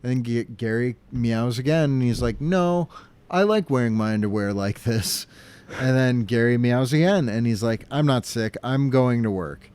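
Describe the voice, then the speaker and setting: A young man co-hosting a podcast, casually recapping a cartoon, swearing and acting out lines in quick voices. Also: mid-range voice, darkish tone, clean tone. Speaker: podcast co-host.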